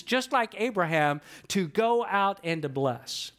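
A man's voice: high-pitched, lively intonation, measured pace, few pauses, a bit bright. A male pastor preaching a sermon in a conversational way, repeating phrases for emphasis and asking the congregation questions. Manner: sings snippets of old hymns.

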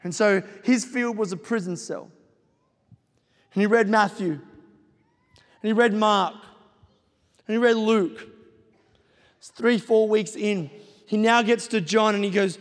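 A man's voice: sits high, unhurried, long pauses. A middle-aged man preaching a sermon, calling on his listeners with repeated urgent exhortations. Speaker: pastor. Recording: long reverb of a large hall.

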